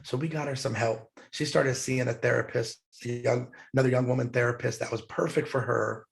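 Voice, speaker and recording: Middle-aged guy with a really gravelly voice, earnest and heartfelt, podcast guest telling a story. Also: medium pitch, fairly even intonation, brisk. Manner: earnest, heartfelt, talks through emotion. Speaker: guest speaker. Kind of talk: emotional storytelling in an interview.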